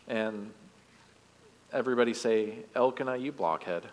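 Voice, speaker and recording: A youth director giving a sermon in church, reading scripture aloud and breaking in with joking asides. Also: male voice, mid-range voice, normal speed, a bit bright. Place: church sanctuary. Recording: long reverb of a church hall.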